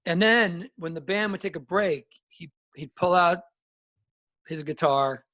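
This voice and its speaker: A man's voice: high voice, unhurried, sharp tone. A middle-aged musician from New Jersey and Alabama, telling rambling anecdotes in a casual interview and acting out the voices of people he quotes. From northern New Jersey and Alabama. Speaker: musician guest.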